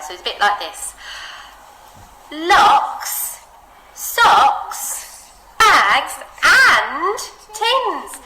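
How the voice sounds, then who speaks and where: A woman with an English accent teaching a child to read aloud, modelling phrases with big, expressive changes of voice and lots of encouragement. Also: mid-range voice. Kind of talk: one-to-one reading lesson with a child. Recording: echoey room with background noise.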